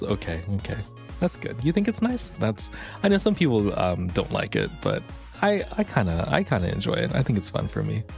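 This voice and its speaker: A man's voice: lowish voice, vocal fry, a little mellow. A man hosting a casual live stream, greeting chatters one by one and cracking self-deprecating jokes. He sounds a little out of breath. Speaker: livestream host.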